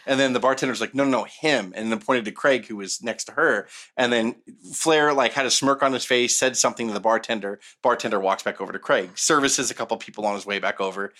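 A man's voice: medium pitch, fast talker, few pauses. A man casually telling long, rambling anecdotes on a podcast, full of fillers and quoted voices. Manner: rambling, animated, many fillers. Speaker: podcast co-host telling stories. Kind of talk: casual storytelling chat.

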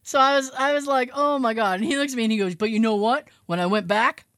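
A woman's voice: a little high, fast, fairly bright tone, dry recording, studio quality. A woman co-hosting a podcast, telling a family story in casual chat, swearing now and then and laughing as she goes. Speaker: podcast co-host.

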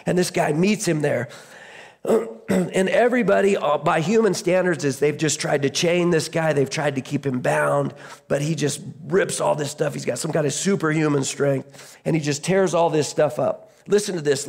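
A male pastor with a heavily gravelly, husky voice, pitched a little above the usual. He retells a scripture story in a loose, conversational sermon, often stumbling over and restarting his phrases.

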